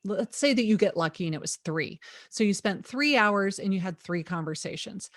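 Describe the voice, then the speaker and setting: Lively, emphatic middle-aged woman. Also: mid-range voice, moderate pace, no room sound, studio quality. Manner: lively, emphatic, with sarcastic asides. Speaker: real estate agent, interview guest. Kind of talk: energetic interview talk.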